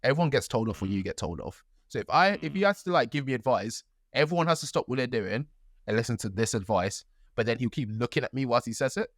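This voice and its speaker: A man's voice: medium pitch, quick pace. A young man on a podcast, chatting casually and acting out what others said as he tells his story. His voice sits in a middle register, and the sound is dry and close to the mic, with no room echo. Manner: animated storytelling, acts out quotes. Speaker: podcast co-host. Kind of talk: casual chat.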